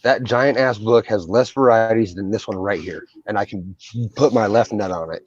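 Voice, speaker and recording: A man's voice: lowish voice, normal speed, no room sound. Brash, foul-mouthed young male co-host, casual banter, dry, slightly dull recording. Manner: brash, profane, joking. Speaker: coin channel co-host. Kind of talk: casual livestream chat.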